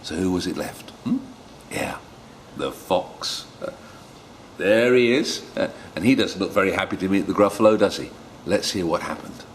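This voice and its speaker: A man reading a rhyming picture book aloud to children in an animated way and asking them questions. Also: low voice, normal speed, a little hiss or hum. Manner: animated, asks the young listeners questions. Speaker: storyteller.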